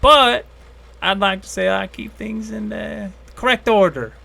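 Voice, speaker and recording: A man voicing a folksy male god who speaks calmly with a laid-back drawl and a quiet menace, in a tabletop role-play. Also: sits high, a little slow, creaky, voice pushed up, exaggerated voice. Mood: drawling warning.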